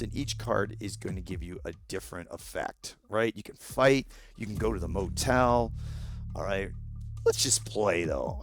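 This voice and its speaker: A man with a sore throat and a gravelly voice, walking through a video game casually and bluntly, explaining each step. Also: lowish voice. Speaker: gaming YouTuber. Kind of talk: casual gameplay walkthrough.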